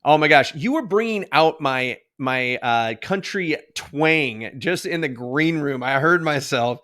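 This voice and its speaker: A male podcast host with a somewhat higher voice talks in a chatty, self-deprecating way. He laughs easily and keeps the interview loose and casual. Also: animated, unhurried, pushed and bright.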